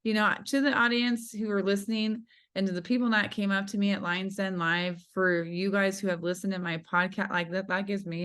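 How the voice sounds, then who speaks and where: A woman's voice: medium pitch, flat delivery, a little fast, few pauses, fairly bright tone, smooth. Effusive, swearing woman podcast host. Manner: effusive, swears freely, lots of fillers. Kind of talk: casual podcast chat.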